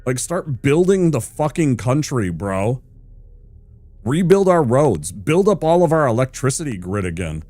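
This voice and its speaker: A man's voice: mid-range voice, sing-song, unhurried, darkish tone, no echo. A male streamer ranting hard with heavy swearing while he plays a game. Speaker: gaming streamer.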